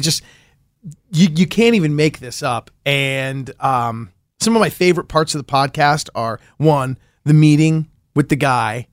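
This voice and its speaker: A man's voice: mid-range voice, no room sound, studio quality. A man who hosts a podcast, chatting as a guest on a radio show and telling a story with enthusiasm. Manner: enthusiastic storyteller, laughs often. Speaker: podcast host and reporter. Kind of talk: casual radio interview chat.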